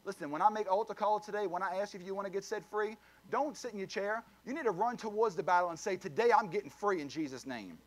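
A man preaching a sermon, swinging between loud emphatic surges and low, quiet asides. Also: fast talker. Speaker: pastor.

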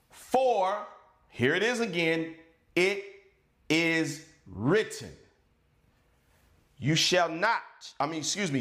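A male pastor preaching a sermon with passion, his voice swinging from loud shouts down to low, quiet stretches. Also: echoey room. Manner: impassioned preaching, rising to shouts and dropping low.

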